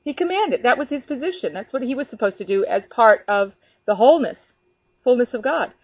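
Woman, higher voice, eager faith chat, lo-fi dry recording. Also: brisk, dry recording. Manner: animated, earnest, many fillers. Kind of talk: casual faith conversation. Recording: dull lo-fi sound.

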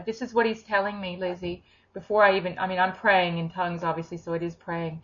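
Animated woman leading a charismatic prayer. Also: on the low side, fairly quick, few pauses. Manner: animated, breaks into tongues and acted quotes. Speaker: prayer minister. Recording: dull lo-fi recording.

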